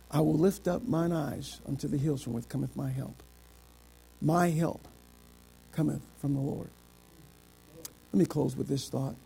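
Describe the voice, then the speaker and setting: A middle-aged man preaching a sermon, quoting scripture in old biblical wording and swinging between shouted climaxes and quiet, low passages. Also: vocal fry, husky. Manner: quotes scripture in King James wording.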